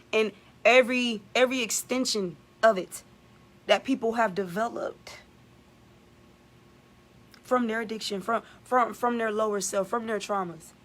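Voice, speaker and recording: A woman's voice: on the high side, unhurried, pauses often, a bit bright. A woman giving an emphatic, repetitive spiritual vlog monologue as a channeler.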